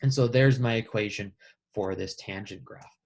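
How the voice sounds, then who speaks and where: Guy teacher walking thru a math problem, low kinda gravelly voice, casual. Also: moderate pace, a little mellow. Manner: casual, talks through steps aloud. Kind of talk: screen-recorded math lesson.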